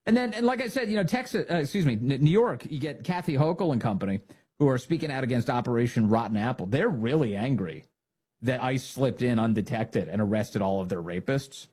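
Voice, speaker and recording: Sarcastic, husky-voiced male talk host. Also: medium pitch, animated, brisk, warm tone. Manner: sarcastic, mocking, acts out quoted voices. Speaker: political commentary host. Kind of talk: opinionated political talk monologue.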